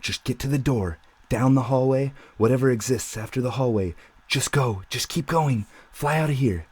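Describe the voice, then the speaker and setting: A man's voice: mid-range voice, normal speed, darkish tone, breathy edge, voice pushed up, lightly acted. A man voicing a panicked, guilt-stricken nameless man who pleads in a cracking, whining voice. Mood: frantic. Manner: frantic, pleading, voice cracking into a whine.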